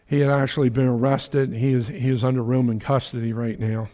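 A man's voice: mid-range voice, level tone, brisk, mellow. A man preaching a sermon in a folksy, joking way, acting out the people in his story with big swings in his voice.

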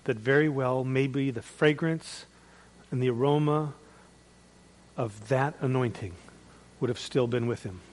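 A man preaching a sermon as pastor, swinging between loud, emphatic peaks and hushed, quiet drops. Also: medium pitch, a little slow, pauses often, low-quality recording. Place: church.

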